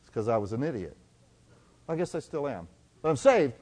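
A middle-aged man preaching a sermon, telling stories and swinging from loud to hushed. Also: medium pitch, sing-song, fairly quick. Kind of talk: sermon storytelling.

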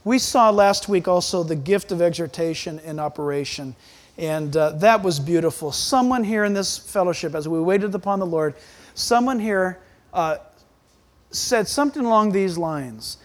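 A man preaching a sermon as pastor, emphatic and animated, acting out quoted voices. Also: high voice, normal speed.

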